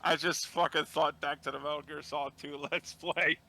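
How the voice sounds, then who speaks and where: A fairly high-voiced man co-hosting a stream, ranting in a joking, profane way. His talk is loose and loud with swearing. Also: level tone, normal speed, a little hiss or hum. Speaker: podcast co-host. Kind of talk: casual stream chat.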